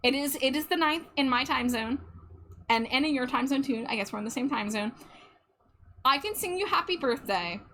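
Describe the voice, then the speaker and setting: A woman's voice: sits high, expressive, moderate pace, sharp tone. A woman streaming while she draws, chatting casually and a bit self-deprecating, often repeating her words. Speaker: art streamer.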